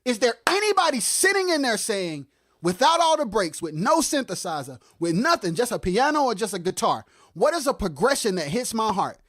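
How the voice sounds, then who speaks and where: A livestream co-host giving impassioned commentary on music production. They get fired up and shout, then drop into quiet asides, and repeat phrases for emphasis. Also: medium pitch, big pitch swings, moderate pace, no room sound, studio quality. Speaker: co-host of a live music talk stream.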